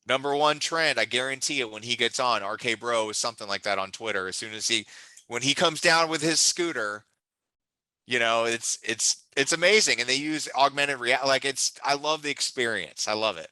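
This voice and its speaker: A man's voice: medium pitch, normal speed, pushed and bright, dry recording, poor audio. A man co-hosting a casual wrestling chat, enthusiastic and teasing, often restarting his sentences. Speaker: podcast co-host.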